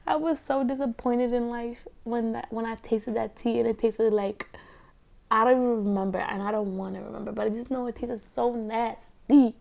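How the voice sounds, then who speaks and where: A young adult woman talking casually while eating, sliding between soft speech and whispers, rambling through stories full of "like". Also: a little high, fairly even intonation, moderate pace, vocal fry. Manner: rambling storyteller, heavy filler 'like'. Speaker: ASMR mukbang creator.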